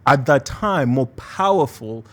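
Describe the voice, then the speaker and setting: A man who is a guest on a casual podcast, talking in an animated, self-mocking way and laughing easily. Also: medium pitch, unhurried.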